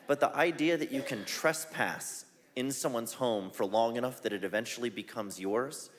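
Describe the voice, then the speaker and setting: A man in a relaxed forum conversation in a church hall. He speaks wryly and laughs at his own jokes. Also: medium pitch, normal speed. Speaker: satire site founder as guest. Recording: reverberant hall with faint ambience.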